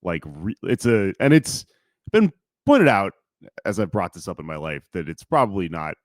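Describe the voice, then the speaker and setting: A man's voice: low voice, very animated, normal speed, no room sound, studio quality. A man co-hosting a podcast, talking casually in a wry, self-deprecating way. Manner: wry, self-deprecating, swings into loud bursts. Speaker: podcast co-host. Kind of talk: casual chat.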